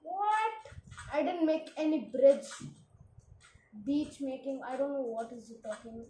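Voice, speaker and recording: A woman hosting her own gaming channel, talking through her play in a casual, excitable commentary full of exclamations. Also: high voice, unhurried, reverberant, poor audio.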